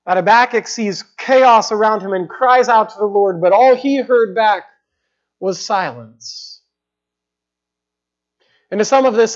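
A pastor preaching an earnest sermon, emphatic and with slow dramatic pauses. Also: male voice, high voice, dull audio.

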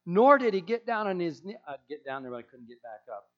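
A man's voice: on the high side, animated, normal speed, highs cut off. A male pastor preaching a sermon in an emphatic way, repeating key phrases for weight.

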